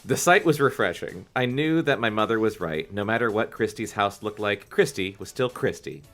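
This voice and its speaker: A low-pitched man with a bright, forward tone reads a children's novel aloud for a comedy podcast. He drifts between plain narration and playful asides, with a lively, swooping delivery and faint music underneath. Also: normal speed. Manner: reads narration with jokey asides, puts on squeaky voices. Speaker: podcast co-host reading aloud.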